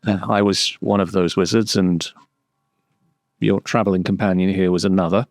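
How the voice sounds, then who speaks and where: A man's voice: sits low, fairly even intonation, normal speed, dry recording, clean studio sound. A man voicing the stuffy, prim spirit of an old male wizard trapped in an orb.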